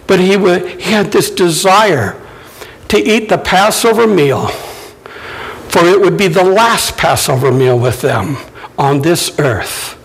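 A man preaching a sermon, animated and acting out quoted lines in shifting voices. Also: sits high, takes it slowly, long pauses, low-quality recording. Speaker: pastor.

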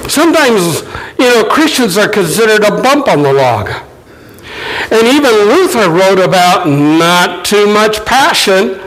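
A man preaching with a high, lively voice that rises and falls widely. He speaks slowly and deliberately, and he acts out quoted lines in shifting voices as he preaches. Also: low-quality recording. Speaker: pastor. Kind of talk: sermon.

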